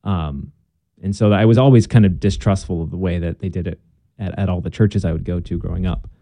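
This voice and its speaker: A young man talking as a guest in a casual conversation, earnest and halting, with many restarts and fillers. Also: low-pitched, steady tone, dark tone, no room sound.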